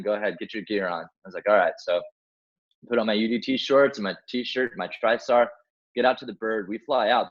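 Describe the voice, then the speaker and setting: Low-voiced man telling a rescue story. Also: muffled recording. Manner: animated, acts out quoted dialogue, many fillers like "like" and "man". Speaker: guest, helicopter rescue swimmer. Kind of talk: casual storytelling in an interview.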